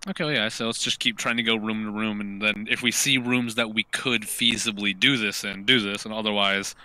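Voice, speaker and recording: Bright-voiced man thinking aloud at a game table. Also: fairly low pitch, fairly even intonation, brisk, dry recording. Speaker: player. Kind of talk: casual chat at a game table.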